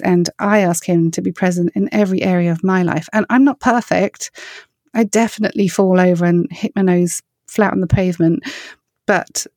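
A middle-aged woman from England, a worship singer and author, answers interview questions in an earnest, storytelling manner, growing animated when she quotes others. Her pitch is mid-range for a woman, and the recording is dry and close, with no sense of the room.

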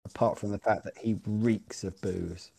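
Low-voiced man running a tabletop game. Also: steady tone, normal speed, gravelly, mellow, husky, no room sound. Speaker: game master.

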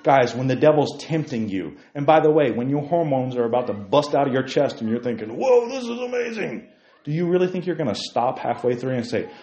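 A man leading a Bible study in a fiery preaching style, emphatic, firing off rhetorical questions and leaping to near-shouts. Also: medium pitch, animated, fairly quick, hardly any pauses. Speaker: Bible teacher. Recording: roomy, dull lo-fi sound.

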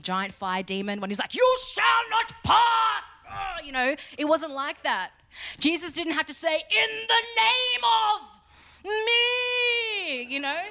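A young adult woman preaching a lively sermon, telling the story with jokes and bursts of loud acted lines. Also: on the high side, no room sound.

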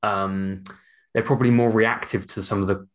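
A man's voice: fairly low pitch, fairly even intonation, normal speed. A man co-hosting a casual podcast chat, laid-back and full of "like" fillers. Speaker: podcast co-host.

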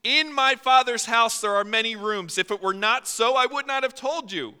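A man's voice: very high voice, normal speed, sharp tone, smooth. A man preaching a sermon in earnest, his voice swelling and dropping for emphasis, in a church. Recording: reverberant hall.

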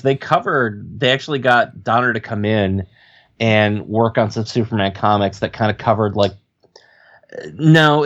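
A man co-hosting a casual podcast, talking in a relaxed, rambling way with many fillers. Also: medium pitch, dull audio. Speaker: podcast co-host. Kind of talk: casual chat.

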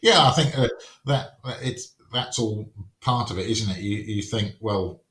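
Lowish male podcast guest, wry storyteller who acts out quotes, echoey room. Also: unhurried, fairly bright tone. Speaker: wargames rules writer, podcast guest. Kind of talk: casual podcast conversation. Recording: roomy echo.

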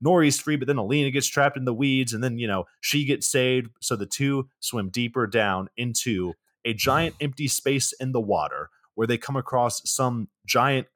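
A man co-hosting a podcast, recapping a movie in a deadpan, sarcastic way and swearing often. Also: mid-range voice, dry recording, studio quality. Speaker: podcast co-host.

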